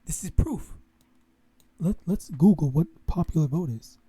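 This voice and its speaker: A man's voice: fairly high pitch, lively intonation, measured pace, dark tone, husky. A young man talking casually to his viewers in a rambling way, with many restarts and some swearing. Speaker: religious vlogger. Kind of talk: casual monologue to camera.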